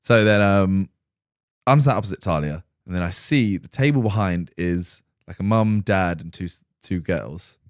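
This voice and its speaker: A young man with a lowish voice chats on a podcast. His delivery is laid-back and matter-of-fact, close on a dry mic. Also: normal speed, no echo. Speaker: podcast co-host. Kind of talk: casual chat.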